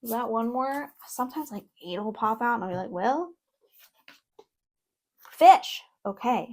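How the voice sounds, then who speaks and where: A young woman with a fairly high voice talks into her own microphone at home, reviewing an oracle deck. She reads card meanings aloud, then breaks into excitable, chatty asides and quick laughs. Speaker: tarot content creator. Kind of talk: casual deck review vlog.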